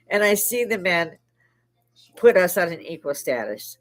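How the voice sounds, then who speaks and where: She speaks on the low side, a bit bright and expressive, a little slowly, with long pauses, on a rough recording. An older army veteran from Chicago, she hosts a casual live stream chat, profane and laughing often between stories.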